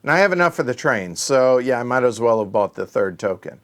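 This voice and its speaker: A man's voice: mid-range voice, big pitch swings, a little fast, fairly bright tone. A man hosting a solo board game play-through, thinking aloud and muttering counts under his breath as he works out each move.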